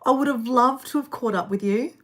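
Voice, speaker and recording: A woman's voice: a little high, brisk, a bit bright. Chatty woman rambling on a livestream. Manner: rambling, chatty, talks while eating. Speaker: live-stream host. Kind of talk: casual live-stream chat. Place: indoor room.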